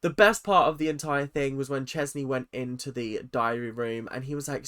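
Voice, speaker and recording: A man's voice: medium pitch, normal speed, few pauses. A young British man chatting sassily and animatedly to his viewers in a casual reality-TV commentary rant. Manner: chatty, sassy, animated, talks straight to viewers.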